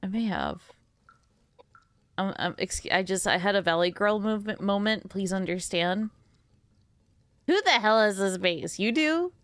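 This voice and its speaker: A woman's voice: mid-range voice, moderate pace, long pauses, fairly bright tone, clean tone, dry recording. A sleepy woman streaming a game, chatting casually with her viewers while laughing and rambling. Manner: rambling and giggly, talks to chat. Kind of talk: casual gameplay commentary.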